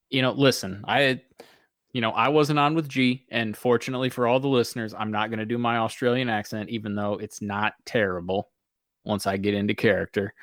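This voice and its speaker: A man's voice: medium pitch, dry recording. Emphatic man co-hosting, dry close mic. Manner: emphatic, enthusiastic praise with rising emphasis. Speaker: podcast co-host. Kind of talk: casual fantasy football podcast chat. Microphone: close studio mic at a desk.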